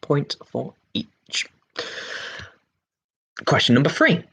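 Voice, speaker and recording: A man's voice: on the high side, big pitch swings, slow pace, creaky, fairly bright tone, husky. A man hosting a pub quiz, reading each question twice with chatty asides in between.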